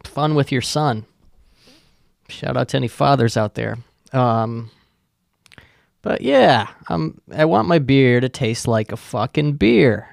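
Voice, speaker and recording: Gravelly, profane podcast host ranting. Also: male voice, medium pitch, takes it slowly, pauses often, no echo, studio quality. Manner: profane, sarcastic, rambling. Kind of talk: casual comedic monologue.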